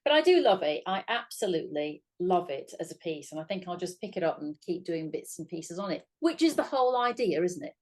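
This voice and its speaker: A woman's voice: lowish voice, very animated, fairly quick, hardly any pauses, a little mellow. A woman co-hosting a sewing tutorial, talking in a gushing, enthusiastic way. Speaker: co-host of a sewing channel. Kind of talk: casual craft tutorial chat.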